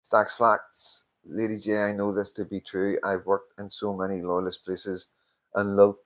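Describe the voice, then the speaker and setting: Older streamer with a very low voice, tired and sweary, chatting loosely to his viewers. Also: fairly even intonation, unhurried. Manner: swears a lot, tired and yawning. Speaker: livestream host. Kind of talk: casual live-stream chat reading comments.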